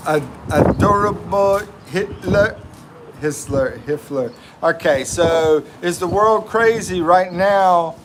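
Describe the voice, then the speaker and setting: An American man hosts a relaxed livestream, reading viewer comments aloud and laughing often. His talk is slow and drawn out, a little higher than most men. Steady background noise and passing vehicles sit behind him. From United States. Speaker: livestream host. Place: living in the Philippines.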